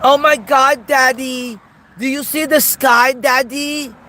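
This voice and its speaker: A man putting on a whiny, shrill, pleading voice for a mocking impression of another grown man. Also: fairly even intonation, slow pace, sharp tone, slight background noise, heavily acted. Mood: overexcited.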